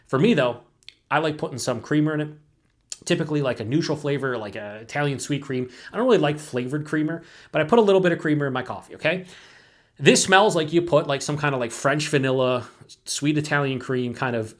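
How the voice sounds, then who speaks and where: A man's voice: mid-range voice, a bit bright. Male beer reviewer, solo vlog, loose and rambling, filler-heavy, casual swearing. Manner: talks to himself with self-mocking asides.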